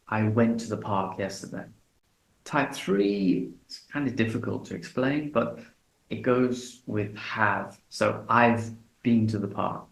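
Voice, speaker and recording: A man teaching an English lesson in a relaxed way, repeating example phrases slowly and deliberately. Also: on the low side, gravelly. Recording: echoey room.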